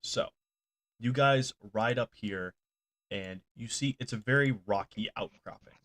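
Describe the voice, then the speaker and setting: A male game master narrates a tabletop session in a relaxed, chatty way. He pauses on fillers, stumbles and restarts now and then, and laughs often. His voice sits at a middle pitch for a man.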